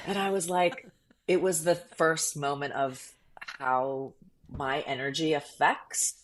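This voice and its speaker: A woman's voice: sits low, fairly even intonation, slow pace, pauses often. A woman actor as a podcast guest, telling reflective personal stories in casual chat.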